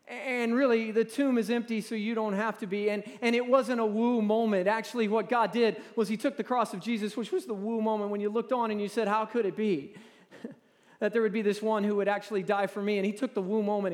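A man in his forties preaching a sermon in a church, talking in a halting, conversational way with repeated words and drawing the audience to respond. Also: high-pitched, darkish tone. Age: 40s. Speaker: pastor. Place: large church hall. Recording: long reverb in a large hall.

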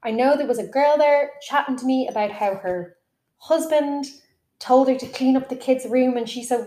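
A woman hosting a podcast interview, relaxed and conversational, asking open questions. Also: high-pitched, normal speed. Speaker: podcast host. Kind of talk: casual interview chat. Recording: echoey room.

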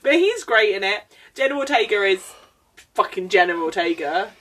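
Woman on a film podcast, bouncy animated voice, chatty. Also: medium pitch, normal speed. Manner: chatty, expressive, laughs easily. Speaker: podcast co-host. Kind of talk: casual film review chat.

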